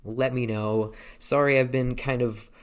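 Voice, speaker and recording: A man's voice: medium pitch, steady tone, unhurried, smooth. A man in his thirties talking casually to a handheld camera, hesitant and rambling, with many restarts. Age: 30s. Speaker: vlogger. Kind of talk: casual vlog talk.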